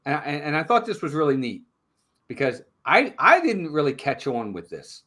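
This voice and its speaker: Here a man with a fairly high-pitched voice, talking at an ordinary speed, co-hosts a movie review show. His manner is relaxed and lively: he narrates the plot and voices the characters' lines as he goes.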